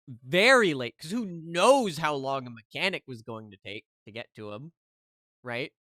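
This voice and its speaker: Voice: medium pitch, big pitch swings, measured pace, sharp tone, dry recording, clean studio sound. A streamer telling a story to chat in a heated, casual rant, keeping on asking "right?".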